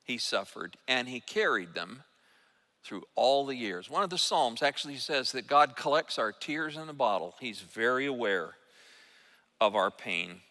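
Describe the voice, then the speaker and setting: An older male pastor preaching in an earnest, emphatic way, often restarting his phrases. His voice is bright and forceful at a middle pitch. It rings with the long reverb of a church hall. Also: unhurried. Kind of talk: sermon. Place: church sanctuary.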